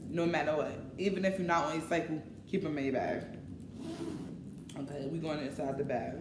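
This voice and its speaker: A woman's voice: low voice, fairly even intonation, a little fast, reverberant, noisy background. A woman vlogger talking casually and informally to her viewers, often calling them y'all. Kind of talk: casual vlog chat. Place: in line at a shopping mall coffee shop.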